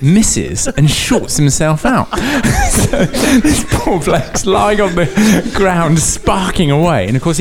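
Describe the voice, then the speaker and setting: A man's voice: on the high side, background noise. A man, a racing driver guest, telling a comic anecdote and laughing often as he goes. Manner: laughing often, lively storyteller.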